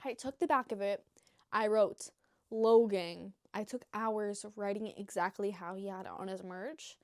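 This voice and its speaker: A young woman vlogger in a rambling casual chat, swearing freely and breaking into squeaky acted quotes. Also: fairly even intonation, measured pace, dry recording, clean studio sound.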